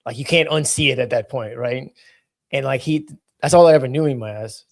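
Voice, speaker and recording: A man co-hosting a podcast in casual chat, enthusiastic and quick to laugh. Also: mid-range voice, creaky, no room sound. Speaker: podcast co-host.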